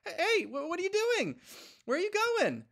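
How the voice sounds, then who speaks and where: A man voicing a scatterbrained rookie male jackal-dog chariot driver with a high, chattering, excitable voice. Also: moderate pace, creaky, exaggerated voice. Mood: eager.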